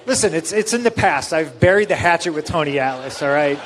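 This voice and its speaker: A man in his forties, a guest on a convention panel, telling a story in a casual, profane and animated way, often laughing. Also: a little high, brisk, slight background noise.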